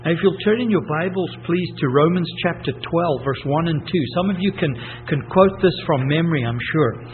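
A man's voice: a little high, normal speed. A man preaching a sermon emphatically, repeating key phrases and asking rhetorical questions. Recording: tinny phone-like sound with hum.

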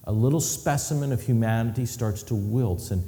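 A male preacher delivers a storytelling sermon, dropping to hushed tones and then climbing into emphatic, raised passages. His voice sits in a middle register. Long reverberation from a hall trails after his words. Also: medium pitch, normal speed.

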